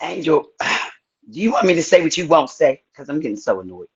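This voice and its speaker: A woman's voice: low voice, very animated, normal speed, breathy edge, muffled recording. A woman on a live stream angrily confronting and grilling a man, swearing heavily. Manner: angry, confrontational, profane.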